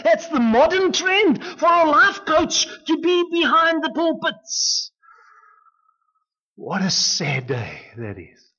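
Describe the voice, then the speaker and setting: A male pastor delivers a sermon slowly and deliberately, his pitch rising and falling widely. He swings from emphatic, near-crying peaks to hushed, low asides. The recording sounds dull and lo-fi. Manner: emphatic, with dramatic swings between loud and hushed. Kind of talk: expository sermon.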